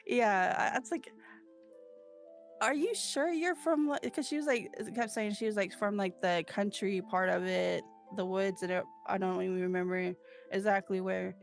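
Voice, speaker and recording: A woman in casual chat, telling stories haltingly with many fillers. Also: mid-range voice, fairly even intonation, creaky, faint music behind.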